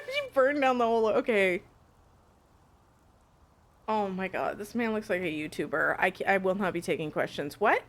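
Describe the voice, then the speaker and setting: A woman streaming a game, chatting casually, excitable and prone to swearing. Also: medium pitch, normal speed, long pauses. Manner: excitable, laughing, swears freely. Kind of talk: casual live game commentary.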